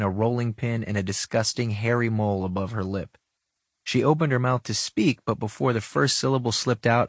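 A man's voice: on the low side, dry recording, clean studio sound. A man narrating a first-person story with wry, casual asides.

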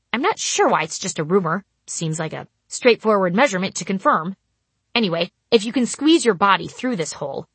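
A woman narrating a comic first-person travel story with a deadpan, dry delivery. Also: fairly low pitch, breathy edge, no echo.

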